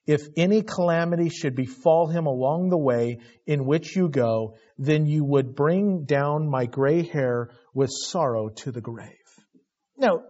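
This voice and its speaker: A man's voice: fairly high pitch, a little mellow. A man preaching an expository sermon, reading scripture aloud and retelling it in a conversational way, building emphasis as he goes. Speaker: Bible teacher. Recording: dull lo-fi recording.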